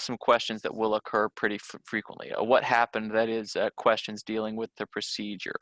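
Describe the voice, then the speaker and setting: A man with a bright, forward voice walks students through test questions in a relaxed, conversational lesson. He talks with many fillers and restarts. The sound is dry and close, with no room echo. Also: fairly low pitch, moderate pace. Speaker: teacher. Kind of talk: recorded test-prep lesson.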